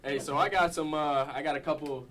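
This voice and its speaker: A man's voice: a little high, fairly even intonation, fairly quick, a bit bright, far from the mic. A man hosting a casual chat in an easygoing, teasing way. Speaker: show host.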